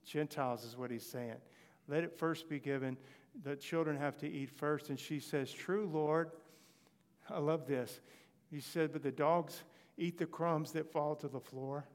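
A man preaching a sermon, retelling scripture stories with animated delivery and voicing the people he quotes. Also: on the high side, unhurried, long reverb tail.

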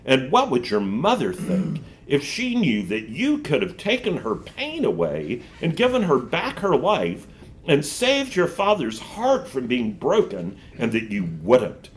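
A man's voice: a little high, huge pitch swings, unhurried, voice pushed up. A man reading a storybook aloud and voicing a scheming female witch who coaxes and scorns a boy. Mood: scornful.

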